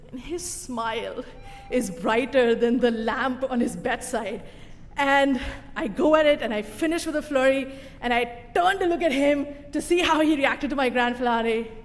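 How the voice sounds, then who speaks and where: A young adult woman telling a personal story live on stage, animated and self-mocking, with a conversational tone and pauses for laughs. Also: high-pitched, a little hiss or hum. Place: stage in a venue with a live audience. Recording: reverberant hall, faint room ambience.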